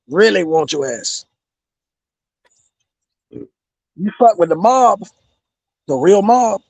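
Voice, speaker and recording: A man's voice: sits high, creaky, darkish tone, no room sound. A man, a former pro wrestler, delivering a heated, profane, menacing promo-style rant as a podcast guest. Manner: menacing, profane, repeats "bro".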